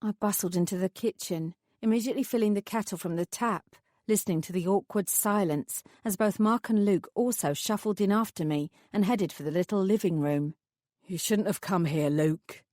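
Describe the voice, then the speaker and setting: A woman reads a first-person novel aloud in scripted narration with lively storytelling. Her voice sits at a middle pitch, recorded close and dry. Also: a little fast, hardly any pauses, dry recording. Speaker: audiobook narrator.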